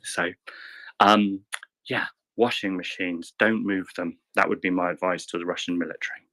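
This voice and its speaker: A man in casual chat, telling a rambling anecdote with lively quoted voices. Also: deep voice, normal speed. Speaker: panelist.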